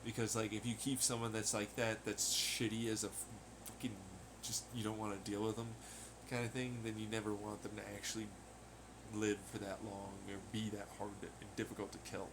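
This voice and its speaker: A man hosting a podcast in a rambling, casual monologue, swearing freely, laughing often and getting loud when excited. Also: on the low side, brisk, noisy background. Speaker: podcast host. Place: at home on laundry day.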